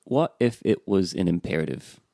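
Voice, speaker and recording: A man's voice: sits low, animated, moderate pace, creaky, mellow, dry recording, clean studio sound. A man in a language lesson, attentively repeating words and asking questions.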